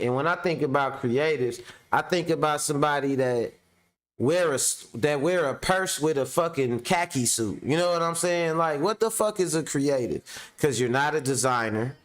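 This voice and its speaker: A man's voice: fairly high pitch, lively intonation, moderate pace. A man hosting casual reaction commentary, blunt and profane, firing rhetorical questions and talking straight to his viewers. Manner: addresses viewers directly. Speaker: commentary host.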